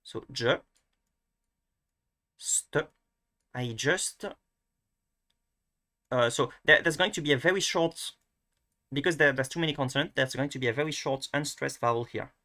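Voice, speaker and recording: A man's voice: medium pitch, a little slow, long pauses, bright, forceful tone. A young man, teaching pronunciation in a casual, hesitant way, thinking aloud and often restarting. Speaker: language teacher.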